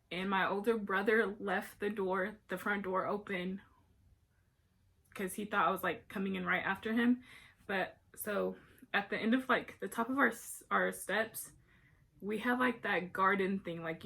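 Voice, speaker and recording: A woman's voice: medium pitch, vocal fry, a bit bright. A young woman vlogger telling a personal story in a casual, rambling way, with lots of fillers and restarts as she gets ready.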